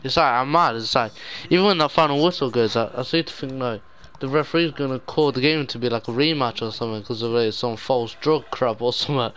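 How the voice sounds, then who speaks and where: A man's voice: medium pitch, a little fast, hardly any pauses, a bit bright, smooth. A young man giving live gameplay commentary, despairing and muttering with sudden outbursts. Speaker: gaming YouTuber.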